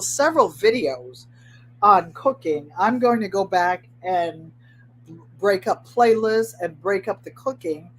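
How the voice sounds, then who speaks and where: A woman chats through a home craft livestream, speaking straight to her viewers with encouraging, motivational asides. She tends to repeat a phrase twice for emphasis. Her voice sits at an ordinary middle pitch, with a faint hum behind her. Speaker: host of a craft channel. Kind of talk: casual livestream chat. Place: at home, indoors.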